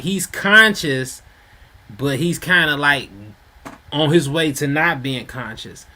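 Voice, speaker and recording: A man's voice: on the high side, pushed and bright. A man telling a street story in a loose, rambling way, full of slang and fillers. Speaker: storyteller host. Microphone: home mic.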